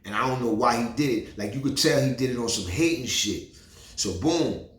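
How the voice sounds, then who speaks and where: New man, mid-pitched, animated street storyteller, roomy echo on the recording. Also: moderate pace. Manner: animated, profane, repeats "you heard".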